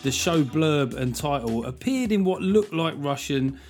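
A man's voice: fairly high pitch, expressive, a little slow, soft background music. A man hosting a podcast, chatting casually in a jokey, self-mocking way with frequent hesitant restarts. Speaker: podcast host. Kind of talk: casual chat.

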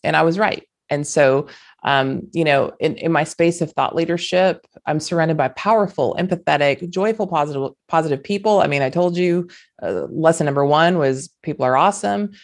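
A woman's voice: low voice, normal speed. A woman, hosting a podcast and giving an earnest, emphatic motivational monologue with folksy asides. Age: 40s. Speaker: podcast host.

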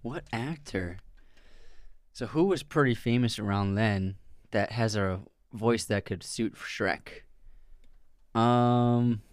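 A man's voice: lowish voice, slow, pauses often, no echo. Dry, playful male podcast co-host. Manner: playful, laughs easily. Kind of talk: casual chat.

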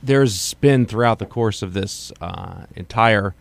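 Male co-host, very deep gravelly voice, measured, hesitant commentary. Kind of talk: political commentary show.

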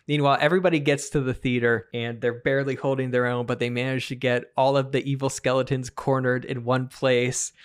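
A man's voice: medium pitch, level tone, a little fast, hardly any pauses, smooth. A man hosting a podcast, animatedly improvising a comedic story with giggles and restarts. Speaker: podcast host.

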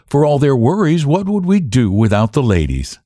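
A man's voice: medium pitch, big pitch swings, moderate pace, warm tone, no echo, clean studio sound, pitched above the performer's own voice. A man voicing a smug, patronizing young county attorney in an audiobook.

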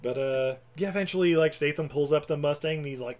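A man's voice: fairly high pitch, quick pace, a little mellow. Rambling, laughing man recapping a movie. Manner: rambling, laughing, full of fillers. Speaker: podcast co-host recapping a movie. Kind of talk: casual chat.

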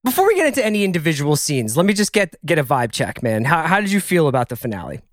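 A man's voice: a little high, sing-song, quick pace, dry recording. A man with a slightly raised voice hosts a chatty podcast, wandering through his thoughts with restarts and asides. The sound is dry and close, with no room around it. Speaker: podcast host. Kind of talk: casual pop-culture discussion.

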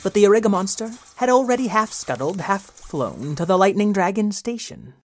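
A man narrating a children's story in a playful, animated way, with jokey asides. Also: high-pitched, normal speed, soft background music.

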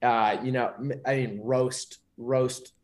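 A man's voice: mid-range voice, flat delivery, takes it slowly. A young man co-hosting a podcast, chatting casually and rambling with many restarts. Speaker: podcast co-host. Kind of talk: casual chat.

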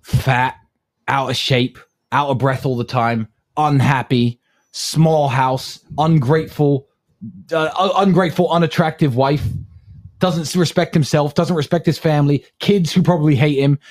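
A man's voice: a little high, steady tone, unhurried, darkish tone. A man in his thirties co-hosting a podcast, speaking in an emphatic, scornful way. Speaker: podcast co-host. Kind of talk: podcast monologue.

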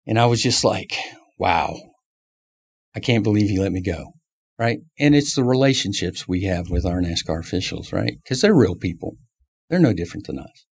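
A man's voice: lowish voice, breathy edge. A middle-aged man, a former racing team manager, telling stories in an interview and acting out the voices of people he quotes. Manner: acts out quotes with lively voice shifts. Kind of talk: animated storytelling interview.

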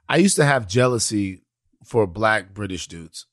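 Lively animated man chatting. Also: on the low side, measured pace, no echo, clean studio sound. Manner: animated storytelling, lots of restarts and "you know". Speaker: podcast co-host. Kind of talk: casual chat.

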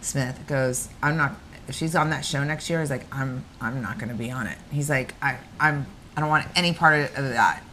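A woman's voice: very deep voice, moderate pace, slight background noise. A woman co-hosting a casual chat show, telling gossip stories with lots of quoted back-and-forth. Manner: gossipy, animated storytelling with quoted voices. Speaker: co-host.

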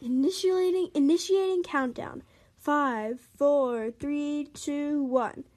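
A girl reading as a slow robotic plane assistant. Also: high-pitched, a little mellow. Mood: announcing.

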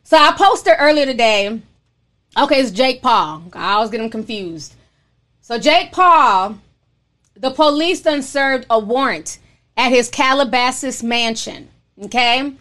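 A woman's voice: fairly high pitch, animated, a little slow, a bit bright. A young woman hosting a casual livestream, reading viewer messages aloud and chatting frankly with some profanity. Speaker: livestream host.

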